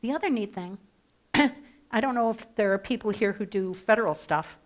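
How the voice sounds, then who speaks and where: A woman leading an advocacy training workshop, talking with playful humor and mock excitement through a headset mic. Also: mid-range voice, moderate pace. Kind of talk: workshop presentation. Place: training room.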